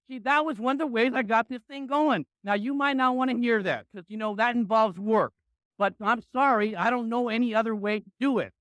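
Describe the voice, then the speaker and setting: A man's voice: very high-pitched, fairly bright tone, no echo. A man in his sixties giving a blunt, punchy motivational talk to a business crowd, often tossing in "right?".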